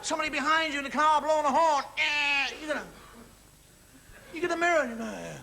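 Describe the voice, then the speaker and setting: On a noisy old television recording with the audience laughing, a male stand-up speaks fast in a very high voice with fairly even intonation. He confides in the crowd conversationally and acts out little scenes with mimed sounds.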